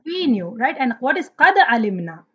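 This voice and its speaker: A woman's voice: fairly high pitch, big pitch swings, moderate pace, pushed and bright, slightly rough. A woman teaching an online Arabic grammar class, asking students questions, praising their answers and reciting Quranic verses. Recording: dull lo-fi audio.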